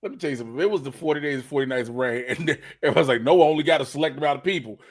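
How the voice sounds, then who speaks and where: A man with a husky voice in casual comedic podcast banter, animated and jumping into loud joke voices. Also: a little high, rapid-fire.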